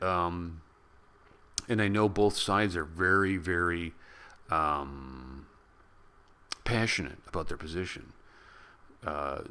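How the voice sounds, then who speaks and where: A man's voice: low-pitched, a bit bright. An American man giving a casual, rambling movie review, chatty and laughing at his own stories. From United States.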